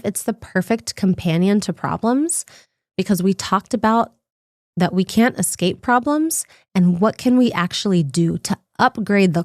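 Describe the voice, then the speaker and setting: Female podcast host, mid-pitched, encouraging coaching talk, dry close recording. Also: no echo. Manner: warm, coaching, speaks directly to listener. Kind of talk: reflective self-help podcast talk.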